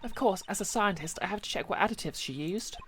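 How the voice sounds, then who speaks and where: A man voicing an eager, excitable young female forensic scientist who talks in a bubbly, stammering way. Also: high-pitched, quick pace, voice pushed up.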